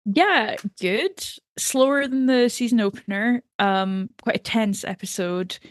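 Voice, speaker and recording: A woman's voice: fairly high pitch, measured pace, dry recording. Woman co-host, casual TV recap chat, laughs easily, dry close mic. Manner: enthusiastic, laughs often, acts out quotes. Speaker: podcast co-host.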